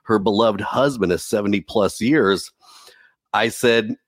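A man's voice: on the low side, unhurried, no echo, clean studio sound. A man giving an earnest, emotional faith testimony as a podcast guest, often saying "dude". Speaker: preacher.

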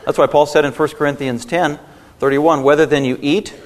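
A man's voice: a little high, fairly even intonation, brisk. A man preaching a sermon as pastor, emphatic and fond of rhetorical tag questions, in a church sanctuary. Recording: long hall reverb in a church.

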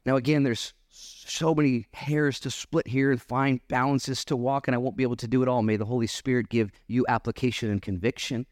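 A man preaching a sermon at his church, animated and acting out bits of dialogue. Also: medium pitch, brisk, few pauses, no echo, clean studio sound. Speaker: pastor.

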